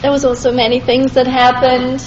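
High-voiced woman telling her story in a hall. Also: normal speed, a little hiss or hum. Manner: animated storyteller acting out both sides of conversations. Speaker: former Christian minister telling her story. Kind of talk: personal testimony told to a live audience. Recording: echoey hall, dull lo-fi sound.

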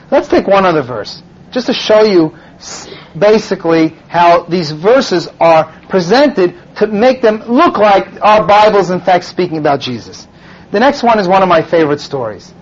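Animated man lecturing with lively pitch. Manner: animated storyteller, pressing the audience with questions. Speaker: rabbi lecturing an audience. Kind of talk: teaching lecture with rhetorical questions. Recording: dull lo-fi recording.

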